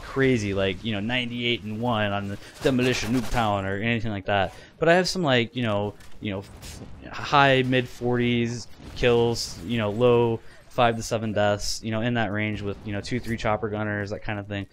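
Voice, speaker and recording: Slight background noise sits under this medium-pitched man's normal-paced vlog chatter as he plays games. In his twenties, he rambles, restarts, leans on fillers, and laughs often.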